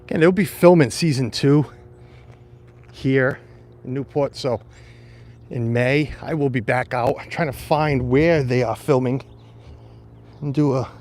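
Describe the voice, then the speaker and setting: Live-streaming a walking tour along a quiet street and through mansion grounds, a man chats with his viewers, recorded on a phone or camera on a tripod. His medium-pitched voice is a little mellow and slightly slow, with frequent pauses.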